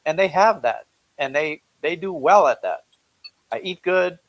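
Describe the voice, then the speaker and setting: A man co-hosting a casual live stream from a couch at home, talking in a relaxed way and joking dryly. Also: fairly high pitch, measured pace, creaky, dry recording, poor audio. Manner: relaxed, easygoing, jokes dryly. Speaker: co-host.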